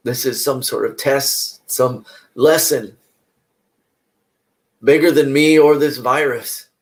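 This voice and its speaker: A man reading a play aloud, playing a weary small-town doctor who speaks earnestly and with measured care. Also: mid-range voice, voice pushed up, lightly acted.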